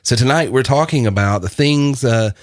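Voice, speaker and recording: A man's voice: mid-range voice, moderate pace, dry recording, studio quality. A man hosting a podcast in casual chat, rambling and laughing often. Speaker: podcast host.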